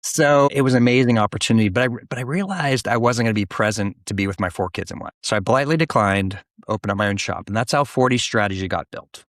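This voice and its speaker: Chatty middle-aged man with a low voice. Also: quick pace, hardly any pauses, no room sound, clean studio sound. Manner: animated, restarts often, acts out quoted voices. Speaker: guest, business founder. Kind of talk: casual interview storytelling.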